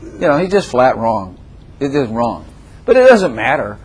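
A man preaching a sermon to a congregation in a church room, animated and repetitive, laughing often and quizzing his listeners. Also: mid-range voice, moderate pace, husky. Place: church room with chairs and a plant.

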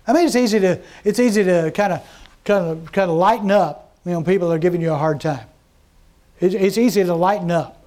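A man with a notably high voice preaches a sermon, talking to his congregation as if chatting. He keeps asking them questions and slips into quick voices of the people he describes. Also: darkish tone. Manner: voices mockers and scripture in quick asides. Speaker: pastor.

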